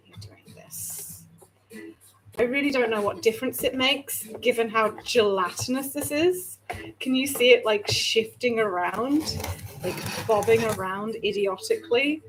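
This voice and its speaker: A woman chats her way through baking, her voice sitting high as she frets and jokes at herself. She sounds nervous and overheated, and a steady noise runs behind her in the home kitchen. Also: measured pace, rough recording. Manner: chatty, flustered, self-mocking, talks to viewers. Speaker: vlogger baking on stream. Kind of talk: casual chat while cooking.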